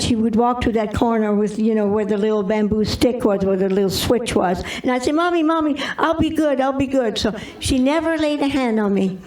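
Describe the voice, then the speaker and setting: An older woman telling her personal testimony as an interview guest, halting with restarts and repeats. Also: a little high, darkish tone, far from the mic, rough recording.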